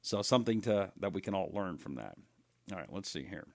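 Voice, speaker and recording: A man's voice: deep voice, sing-song, brisk, gravelly, a little mellow, dry recording, clean studio sound. Chatty male radio talk host. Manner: chatty storyteller, reads viewer comments aloud. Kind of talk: live-streamed talk show monologue.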